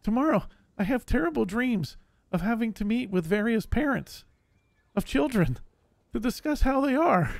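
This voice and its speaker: A sweet-natured, simple barbarian warrior, played by a man, who speaks in stiff, earnest sentences with no contractions. The voice sits high and has a gravelly edge. It sounds close and dry. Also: expressive, moderate pace, no room sound, full character voice. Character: simple-minded gentle male barbarian warrior. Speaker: streamer. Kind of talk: roleplay in a survival game.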